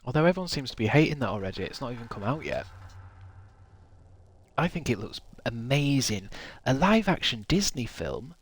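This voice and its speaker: Male streamer, chatty gamer, swears a lot, medium pitch. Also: sing-song, brisk, slightly rough, no echo. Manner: chatty, swears freely, laughs often. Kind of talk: casual gaming stream chat.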